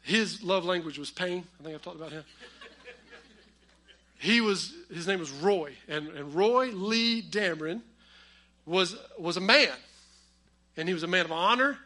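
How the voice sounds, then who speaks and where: A man preaches a sermon and weaves family stories into it with humor. His voice sits high and bright. He pushes hard on key lines, then drops to quiet asides. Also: unhurried, long pauses. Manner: storytelling with humor, swings between loud emphasis and quiet asides. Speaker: pastor.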